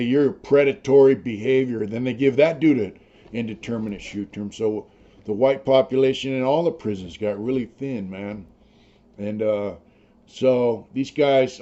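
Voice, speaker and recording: A man's voice: mid-range voice, warm tone. A middle-aged man, a former prisoner, telling his story in blunt, streetwise talk full of slang and swearing. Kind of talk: casual storytelling, profane. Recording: slightly dull lo-fi audio.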